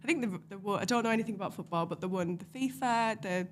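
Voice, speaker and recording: A woman's voice: medium pitch, fast, a little hiss or hum. Blunt, sweary young woman from the North East. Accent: North East English. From North East England. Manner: blunt, swears freely, acts out her own past lines. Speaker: podcast guest. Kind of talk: casual chat.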